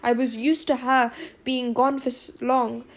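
A woman voicing a gentle, caring middle-aged father in an audiobook, speaking softly and tenderly. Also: a little high, flat delivery, measured pace. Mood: sad, gentle. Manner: soft, quiet and tender. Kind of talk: audiobook character voice.

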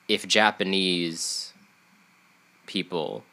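A young man co-hosting a casual podcast, his nose stuffed up. He rambles along with lots of "like"s and restarts, and his voice sits a little low but sounds bright and forceful. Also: extremely slow, creaky. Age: young adult. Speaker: podcast co-host. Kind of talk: casual chat.

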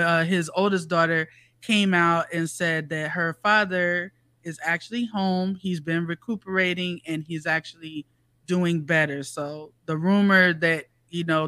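A man's voice: on the high side, bright, forceful tone, clean tone, dry recording. A man co-hosting a podcast who chats casually, brings up news topics and laughs easily. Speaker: podcast co-host.

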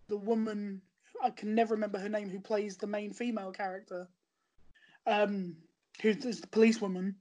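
A woman talks through her recommendation in a loose, conversational way, circling back and restarting her sentences as she goes. Her voice sits a touch higher than most women's. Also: dark tone. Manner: chatty and rambling, with many restarts. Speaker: guest recommending a TV show. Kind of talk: casual podcast chat.

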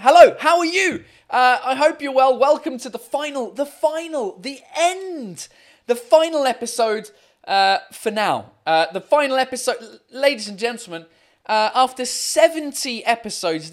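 A man hosting his own live stream show, chatting casually and swearing freely. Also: very high voice.

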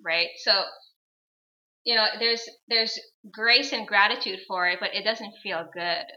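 Bright-voiced woman sharing earnestly. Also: medium pitch, measured pace, highs cut off. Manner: earnest, repeats phrases for emphasis. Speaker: guest. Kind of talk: reflective personal interview.

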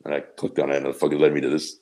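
A man's voice: a bass voice, monotone, rapid-fire, dark tone. A man co-hosting a podcast, explaining things in a laid-back casual chat and swearing offhandedly. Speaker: podcast co-host.

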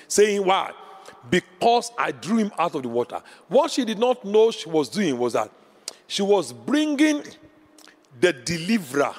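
A man's voice: sits high, big-room sound. A man preaching a sermon as pastor, impassioned and repeating lines for emphasis.

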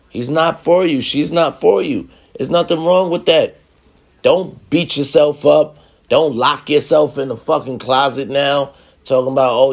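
A man's voice: on the high side, gravelly. A man giving relationship advice in a blunt, profane casual monologue, repeating lines for emphasis.

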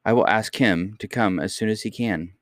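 A man voicing a young princess who speaks quietly and firmly in an audiobook reading. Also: lowish voice, moderate pace, no echo, clean studio sound, natural voice. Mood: calm, firm. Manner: quiet, dignified, stubbornly composed. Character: young girl princess, calm and firm.

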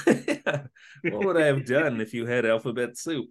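A man co-hosting a casual podcast, retelling an episode in an animated, jokey way. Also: medium pitch, unhurried. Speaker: podcast co-host. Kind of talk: casual comedic recap chat.

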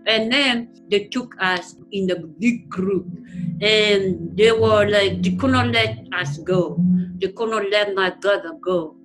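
A woman's voice: mid-range voice, fairly even intonation, moderate pace, poor audio. Woman telling a childhood story earnestly. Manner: earnest, plain-spoken, voice dropping soft at tense moments. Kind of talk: personal storytelling. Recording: faint guitar music behind.

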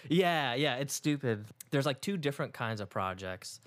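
A young man co-hosting a podcast, talking about his job in a loose, rambling way full of fillers. His voice sits at an ordinary pitch. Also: animated, moderate pace, fairly bright tone. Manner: rambling, lots of fillers, laughs often. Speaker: podcast co-host. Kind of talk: casual chat.

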